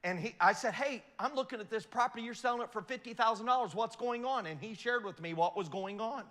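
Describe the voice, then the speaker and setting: A middle-aged man giving a motivational talk to an audience, an animated storyteller who keeps asking whether his points make sense. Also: very high voice, fast, big-room sound. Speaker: investment speaker.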